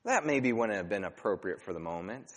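A man in his thirties preaching a sermon as a pastor, telling a story in a chatty, animated way. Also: lowish voice, brisk. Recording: long hall reverb.

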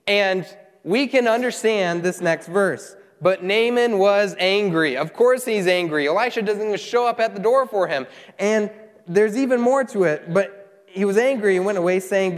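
A man preaches a sermon in a fairly high voice. He reads scripture and breaks into lively asides, acting out the characters. His voice rings with the long reverb of a big hall. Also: normal speed. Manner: animated, voices the characters while retelling.

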